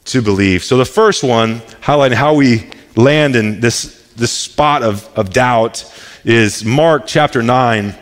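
A man's voice: mid-range voice, takes it slowly. A man in his thirties preaching a casual, conversational sermon, often repeating words as he restarts his sentences. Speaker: pastor. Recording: echoey hall.

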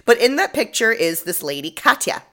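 A woman's voice: fairly high pitch, very animated, normal speed, sharp tone. A woman co-hosting a casual podcast, recapping a TV episode in a chatty, profane way and mimicking the characters' lines. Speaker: podcast co-host.

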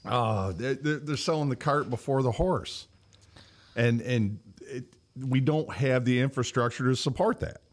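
A man co-hosting a live podcast, easygoing and quick to laugh, often stumbling into restarts mid-sentence. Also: mid-range voice. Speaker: podcast co-host. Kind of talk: casual live podcast chat.

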